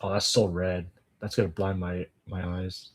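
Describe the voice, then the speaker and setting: A man's voice: low-pitched, little pitch movement, moderate pace, a little mellow. A young man, native English speaker, on a casual live stream, laughing and stumbling as he tries tongue twisters. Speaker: language-learning streamer.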